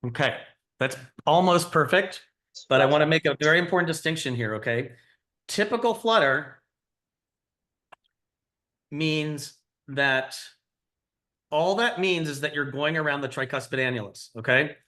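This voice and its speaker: A man's voice: fairly high pitch, unhurried, pauses often, sharp tone. A middle-aged man giving a conversational teaching lecture, explaining and quizzing his audience. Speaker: cardiology lecturer.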